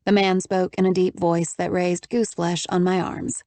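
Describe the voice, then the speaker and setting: A woman narrating an audiobook in a steady, measured way. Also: on the low side, no room sound.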